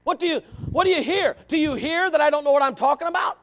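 A man in his forties preaching a sermon in church, animated and questioning, swinging from loud to quiet. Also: extremely high pitch, fast. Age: 40s.

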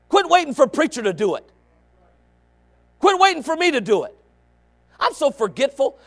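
A middle-aged male pastor preaching a revival sermon, with an emphatic, repetitive cadence, dropping to low asides and rising to shouted exhortation.

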